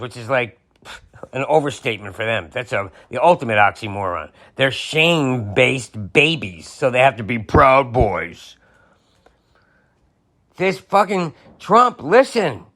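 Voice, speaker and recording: A man's voice: medium pitch, big pitch swings, a little slow, fairly bright tone. Give me an angry, sarcastic man ranting on his podcast. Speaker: podcast host. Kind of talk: political rant monologue.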